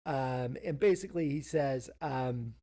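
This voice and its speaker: Creaky-voiced man rambling through a recap. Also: medium pitch, a little slow, warm tone. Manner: rambling, self-interrupting storyteller with frequent fillers. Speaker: podcast co-host. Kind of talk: casual episode recap.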